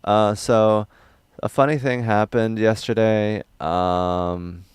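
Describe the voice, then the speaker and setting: A young man livestreaming, reading chat questions aloud in a loose, rambling, crude and deadpan way. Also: fairly low pitch, slow, clean tone, no echo.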